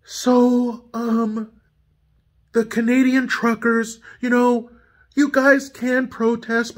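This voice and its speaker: A man putting on a mocking impression of a soft-spoken male politician, pitching his voice up.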